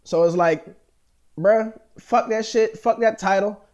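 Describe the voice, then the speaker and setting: Rambling, profane American man, slightly high. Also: a little slow, a little mellow. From United States. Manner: profane, rambling, heavy with fillers and restarts. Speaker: vlogger. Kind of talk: rambling monologue to camera.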